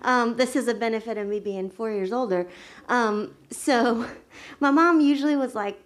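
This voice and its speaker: A woman's voice: on the high side, normal speed. Laughing woman telling a family story. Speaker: group participant telling a childhood story. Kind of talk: storytelling in a group discussion.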